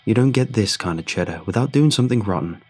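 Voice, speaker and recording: A man voicing a gruff, dismissive mover who talks curtly while hauling furniture. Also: fairly low pitch, animated, fast talker, darkish tone, faint music behind. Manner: curt, dismissive, straining under loads.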